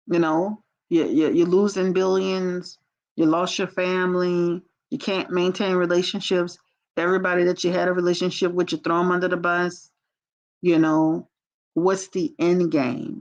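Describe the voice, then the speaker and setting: Blunt, candid woman on a lo-fi livestream. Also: lowish voice. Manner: blunt and candid, addresses viewers as y'all. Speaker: tarot reader and livestream host. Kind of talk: casual livestream commentary.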